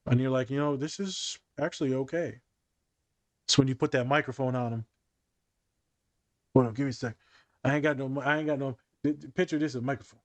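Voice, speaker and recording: Speaking briskly yet leaving long pauses, a man with a mid-range voice hosts a casual podcast chat, with no room sound. As a therapist, he tells lively stories from his office and acts out the quoted lines.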